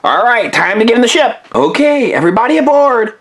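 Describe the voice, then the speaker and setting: A man voicing a clever, eager male inventor pup in a toy play-along story, insistent and excited. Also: extremely high pitch, fairly quick, voice pushed up, exaggerated voice.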